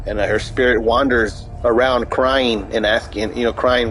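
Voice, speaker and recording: Casting: young man, streamer chatting over a game, mid-pitched voice, rambles, swears a lot, restarts sentences. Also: fairly even intonation, moderate pace, a bit bright, slight background noise, rough recording. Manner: rambling, profane storytelling with many restarts. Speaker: gaming streamer. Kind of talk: casual chat over gameplay.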